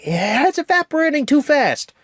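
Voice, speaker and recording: An exasperated superhero speaks in a raised, emphatic voice, as a man acts him out. He is quick-tempered but cool-headed. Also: extremely high pitch, very animated, fairly bright tone, dry recording, clean studio sound, pitched above the performer's own voice, heavily acted. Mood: strained.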